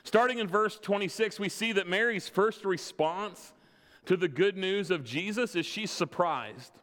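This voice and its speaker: A man's voice: high-pitched, unhurried. Man preaching with a story-telling touch. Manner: storytelling, self-deprecating humor with quiet laughs. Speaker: pastor. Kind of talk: sermon with personal stories. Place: church sanctuary. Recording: long reverb of a large hall.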